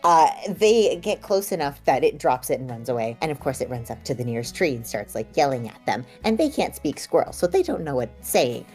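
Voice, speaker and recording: A woman's voice: extremely low pitch, very animated, brisk, few pauses, a little mellow, faint music behind. A woman playing a tabletop game who speaks in character in a hesitant way, with many ums. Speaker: player. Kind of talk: in-character storytelling.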